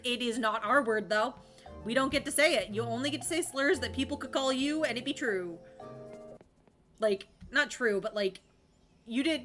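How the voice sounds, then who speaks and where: A woman's voice: medium pitch, pushed and bright. A young woman from Florida chatting casually while streaming a game, rambling, laughing often and swearing freely.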